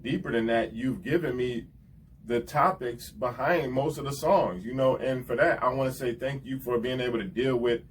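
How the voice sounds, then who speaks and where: Male rapper host, mid-pitched and heartfelt, rambling casual shout-outs, mic a bit distant, faint hiss. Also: moderate pace. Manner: rambling, emotional, repeats "you know what I'm saying". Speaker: rapper hosting his channel's show.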